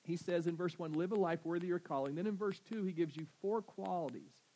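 Southern pastor, male, slightly high voice, chatty sermon delivery that quizzes the room. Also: a little fast, dark tone, low-quality recording. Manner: conversational preaching, asks the congregation questions.

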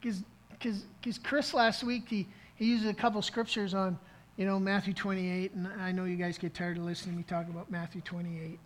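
A man's voice: sits high, little pitch movement, fairly quick, low-quality recording. A middle-aged man preaching a sermon as pastor, telling a story in an earnest way, with frequent restarts. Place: church service.

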